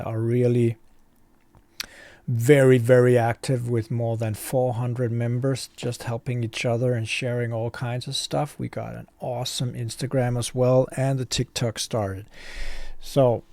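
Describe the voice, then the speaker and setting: A man's voice: mid-range voice, creaky, a little mellow, no room sound. A man from Denmark, a shop owner talking to his viewers in a candid, rambling, self-deprecating vlog from his warehouse. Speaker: online hobby shop owner. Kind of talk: casual vlog talk to viewers.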